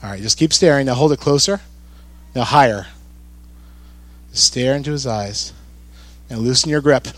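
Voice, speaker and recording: A pastor preaching a sermon in church, talking conversationally, repeating key phrases and putting questions to the congregation. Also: male voice, mid-range voice, moderate pace, pauses often, a bit bright.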